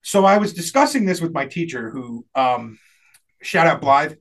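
High-voiced man telling a story. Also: normal speed. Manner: animated, laughs often, acts out quotes. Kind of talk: casual storytelling chat.

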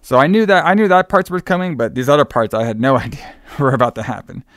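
Guy rambling through a movie recap, smooth voice, dry close mic. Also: medium pitch, quick pace, fairly bright tone, dry recording. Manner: rambling, many fillers and restarts.

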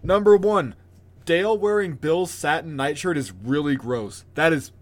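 A man co-hosting a podcast in casual chat, ranting with animated, profane energy. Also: on the high side, a little slow. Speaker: podcast co-host.

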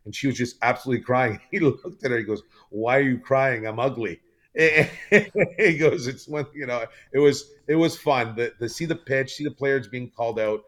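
A man's voice: mid-range voice, fairly quick, few pauses. A man from Canada, a podcast guest, telling a long story in casual chat with lots of fillers and restarts. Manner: rambling storytelling with many fillers.

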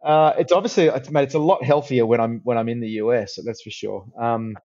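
A middle-aged man with an Australian accent, a guest in a casual interview, telling stories in a chatty, animated way with many restarts. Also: medium pitch, brisk, highs cut off. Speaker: guest, actor and presenter.

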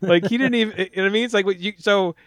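Guy cussing through a movie recap, kinda high voice, dry close sound. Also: racing, fairly bright tone, no echo. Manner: crude, swearing, acts out characters' lines. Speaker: podcast co-host. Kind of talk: casual comedic movie recap.

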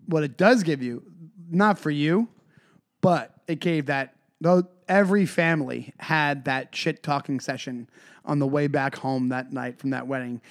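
A man co-hosting a podcast in casual chat, teasing and quick to laugh. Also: on the high side. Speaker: podcast co-host.

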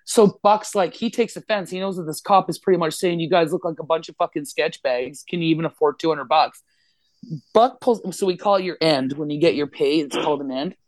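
A woman's voice: low voice, fairly quick, no echo. Profane Canadian woman telling a wild story. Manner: profane, animated, acts out voices in the story. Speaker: podcast co-host. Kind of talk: casual storytelling.

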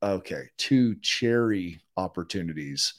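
A middle-aged man, a guest in a podcast interview, telling a long story in a casual, animated way and acting out what other people said. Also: low voice, a little slow. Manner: animated, acts out quotes of others.

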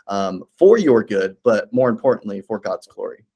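A man's voice: on the low side, very animated, moderate pace, warm tone. A man who is a pastor, speaking earnestly and encouragingly in a casual faith conversation, with many fillers and restarts.

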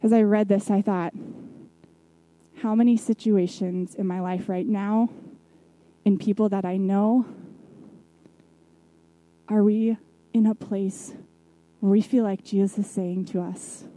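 A woman preacher retelling a Bible story in a sermon, reflective, with soft hushed drops at key moments. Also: medium pitch, fairly even intonation, slow pace, long pauses, no echo, rough recording.

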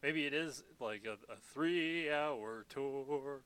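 Man, podcast co-host, sardonic movie banter, swears freely, mumbled asides, middle pitch. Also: slow, a bit bright, smooth. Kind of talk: casual movie recap banter.

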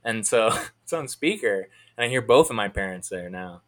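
A man telling a long story in a casual chat, in a fairly monotone, rambling way with many restarts. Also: on the low side, moderate pace.

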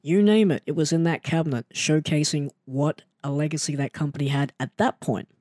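A man telling a story in a casual, animated and self-mocking way, often jumping into an excited higher voice. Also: fairly quick, no echo, studio quality. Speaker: storyteller recounting his wrestling start.

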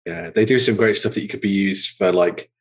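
A man's voice: low-pitched, a little fast. A man in a casual group chat, eagerly explaining fantasy lore at length with frequent restarts.

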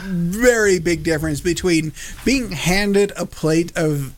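High-voiced man stumbling over words. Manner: halting, repeating himself. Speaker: podcast co-host. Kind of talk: casual chat.

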